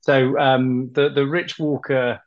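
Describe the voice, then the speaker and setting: A man hosting a podcast interview, relaxed and casual, with many ums and uhs. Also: mid-range voice, slow pace. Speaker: podcast host. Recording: slightly dull, lo-fi sound.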